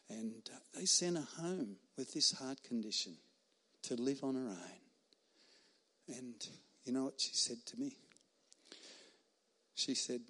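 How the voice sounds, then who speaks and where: Middle-aged male chaplain preaching, earnest and emphatic, pauses for effect, mid-pitched voice. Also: a bit bright. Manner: earnest, emphatic, with pauses and laughs at his own stories. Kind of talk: sermon.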